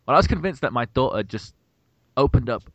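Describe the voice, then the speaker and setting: A young man co-hosting a podcast, telling an animated, swearing story in casual chat. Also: mid-range voice, a little fast, no echo. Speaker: podcast co-host.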